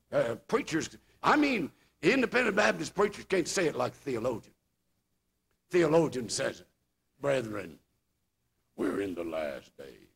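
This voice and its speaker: Older man, high-pitched preacher, gravelly, husky, folksy sermon with shouting peaks. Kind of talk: revival sermon.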